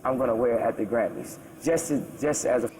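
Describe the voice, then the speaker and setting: A man's voice: medium pitch, fast, noisy background. A man answering interview questions in a loose, rambling way, restarting sentences and throwing in asides. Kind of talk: casual interview chat.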